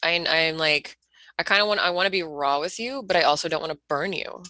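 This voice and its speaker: Woman, lowish bright voice, dry close sound, candid sharing, lots of swearing and restarts. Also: a little fast, no room sound. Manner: raw, heavy swearing, frequent restarts. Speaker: peer sharing partner.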